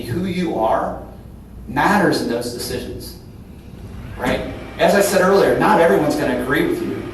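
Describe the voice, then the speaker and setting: Earnest man in a very echoey hall. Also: medium pitch. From Cincinnati, Ohio. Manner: earnest, conversational, with frequent "right?" tags. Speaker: company CEO speaking at a business breakfast. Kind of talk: candid talk to a live audience. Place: large event room. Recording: very echoey hall from far off, faint hum. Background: occasional audience laughter.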